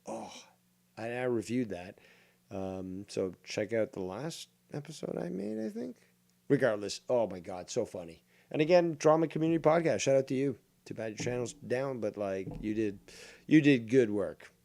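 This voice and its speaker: A man's voice: medium pitch, animated, moderate pace, creaky, warm tone. Guy in his 40s ranting on a stream, sarcastic, cussing constantly. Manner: mocking, exasperated, swears a lot. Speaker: streamer reacting to a call-in clip. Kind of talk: profane live-stream commentary.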